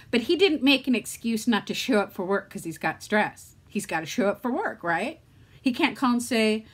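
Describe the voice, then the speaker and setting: A woman's voice: fairly high pitch, lively intonation, moderate pace. A middle-aged woman talking candidly to her vlog audience, rambling and talking herself through a hard day while near tears. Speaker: vlogger. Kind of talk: casual vlog talk.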